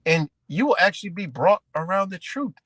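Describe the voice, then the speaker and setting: A man hosting a livestream, ranting in a rambling, profane, animated way and calling his viewers guys. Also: high-pitched, fairly quick, no room sound. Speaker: livestream host. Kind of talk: casual livestream rant.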